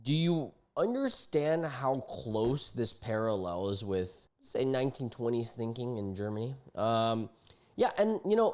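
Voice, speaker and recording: Young male streamer, lively pitch, casual indignant reaction commentary. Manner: animated, indignant, slangy.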